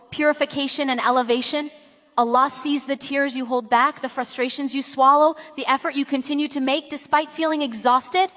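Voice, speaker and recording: A woman giving a calm, measured, reflective religious motivational narration. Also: high-pitched. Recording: long reverb tail.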